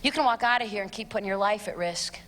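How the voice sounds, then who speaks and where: An abstinence speaker, a woman with a medium-pitched, slightly bright voice, talks fast and emphatically to a youth audience in a large church hall. The live recording carries long hall reverb and a faint crowd.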